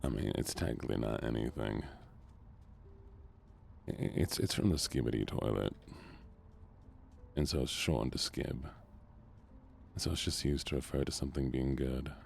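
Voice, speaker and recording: A soft-spoken man with a Southern US accent, chatting with viewers during a relaxed gaming stream. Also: very deep voice, moderate pace, creaky, pauses often, a little hiss or hum. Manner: relaxed, chatting to viewers between game moments.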